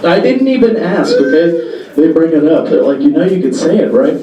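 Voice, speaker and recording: A young man performing stand-up comedy in a halting, deadpan way, with many pauses and fillers, on a club stage before a live audience. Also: a little high, dull audio. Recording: echoey room, far mic, crowd laughter.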